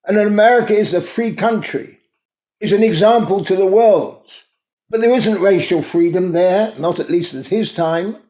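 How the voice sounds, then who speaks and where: A man's voice: sits high, normal speed, mellow. A man hosting a daily talk, telling a moral story in an earnest, emphatic way. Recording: roomy echo.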